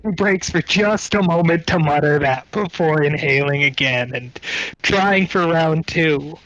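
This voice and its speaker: A man's voice: on the high side, measured pace, fairly bright tone, no echo, lo-fi sound. A man narrating as game master of a tabletop game, wry and a little exasperated.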